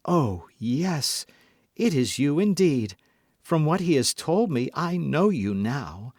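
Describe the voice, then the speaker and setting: A man voices a cunning, scheming noblewoman, raising his voice above its natural pitch into an exaggerated, fairly high register. He sounds effusive and very animated but takes it slowly, with a slightly mellow tone and clean studio quality, free of echo.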